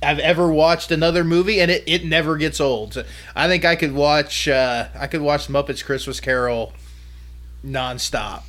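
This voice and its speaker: Male co-host, slightly high voice, relaxed opinions. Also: moderate pace. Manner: easygoing, offers opinions with small restarts. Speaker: podcast co-host. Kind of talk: casual chat.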